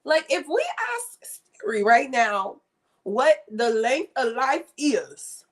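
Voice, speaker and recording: On her livestream, a young woman chats openly and with plenty of energy, repeating points for emphasis. Her voice sits a little high and lively, and her pace is slow. The audio is from a streaming mic setup.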